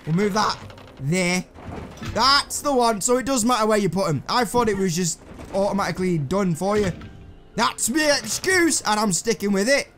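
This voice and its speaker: A man's voice: sits high, lively intonation, normal speed, fairly bright tone, slight background noise. A young man commentating on a puzzle game, talking to himself and the characters, swearing and mocking himself. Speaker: gameplay commentator. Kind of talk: casual let's-play commentary.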